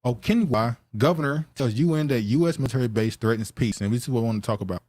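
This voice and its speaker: A man's voice: mid-range voice, fast talker, a little mellow, dry recording. A man hosting a podcast, reading news headlines aloud and riffing on them in a loose, argumentative chat. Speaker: podcast host.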